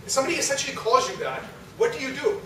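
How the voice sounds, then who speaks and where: High-voiced young man lecturing in a hall. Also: big pitch swings, very fast, fairly bright tone. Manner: conversational, asks the audience, frequent rhetorical "right?". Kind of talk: religious youth talk. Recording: echoey hall from far off, noisy.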